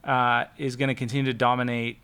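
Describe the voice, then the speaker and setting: A man appearing as a guest on a tech roundtable, speaking in a measured, earnest way and restarting his sentences now and then. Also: medium pitch, level tone, bright, forceful tone, clean tone. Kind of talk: casual roundtable chat.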